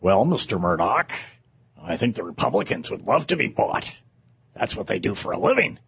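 A man putting on a low, hushed, conspiratorial voice to play a scheming older male political operative. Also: very animated, normal speed, creaky, dull audio, a little hiss or hum. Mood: sly.

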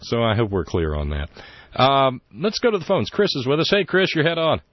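A man's voice: medium pitch, animated, moderate pace, dry recording. A man hosting a talk radio show. He rambles wryly and often restarts his sentences. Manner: rambling, wry, with many restarts. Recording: dull lo-fi radio broadcast.

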